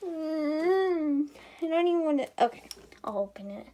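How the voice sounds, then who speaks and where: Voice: high voice, expressive, a little slow, background noise, voice pushed up. A young female performer voicing a timid girl doll who whines and pleads in a toy role-play. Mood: scared. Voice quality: whiny, pleading.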